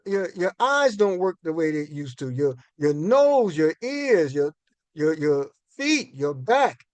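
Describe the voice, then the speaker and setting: A man's voice: very high-pitched, no room sound. A man in his sixties giving a finance talk to an audience as a folksy, conversational storyteller who often repeats and restarts his words. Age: 60s.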